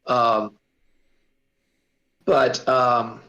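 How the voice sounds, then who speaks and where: A man's voice: mid-range voice, little pitch movement, drawn-out words, bright, forceful tone. Rambling man on a muffled call. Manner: rambling, filler-heavy explanations. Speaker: writer sharing his story. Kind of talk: casual group chat about writing.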